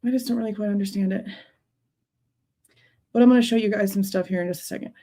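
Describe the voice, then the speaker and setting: A woman's voice: mid-range voice, fairly even intonation, quick pace, dark tone. A young woman hosting a true crime livestream, chatting casually, sounding exasperated and greeting viewers in the chat by name. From Texas.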